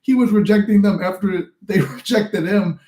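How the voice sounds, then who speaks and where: Man, young adult, casual livestream advice, rambling and encouraging, warm mellow tone, roomy echo. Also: high-pitched, normal speed. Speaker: livestream host and manifesting coach. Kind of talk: casual live-stream advice talk.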